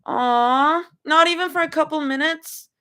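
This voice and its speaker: A woman's voice: high-pitched, a little slow, bright, forceful tone, pitched above the performer's own voice. A woman voicing a playful young woman stuck in a hospital bed, reading a fanfic aloud in a whiny, teasing manner. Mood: pleading.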